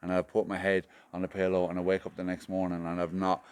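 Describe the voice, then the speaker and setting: Earnest Irish man, low smooth voice. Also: completely flat delivery. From Ireland. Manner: earnest, halting, often repeats and restarts words. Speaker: podcast guest. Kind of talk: casual chat.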